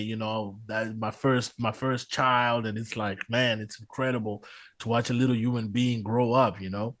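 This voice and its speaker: A man from Zimbabwe, in his thirties, chatting casually as a comedian guest in an interview, animated and quick to laugh. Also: medium pitch. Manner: animated, laughs often, says man and bro.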